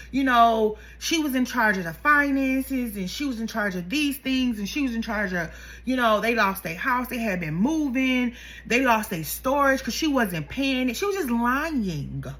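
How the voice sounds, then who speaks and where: Woman commentator, high and bright, sassy and animated, casual speech. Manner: animated, sassy, frequent outbursts. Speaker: YouTube commentator.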